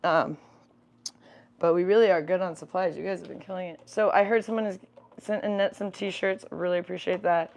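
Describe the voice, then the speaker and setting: Young woman rambling on a home livestream, kinda low voice, lots of ums. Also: steady tone, a little fast, gravelly, a little mellow. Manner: rambling and chatty, with many fillers. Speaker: livestream co-host. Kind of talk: casual chat.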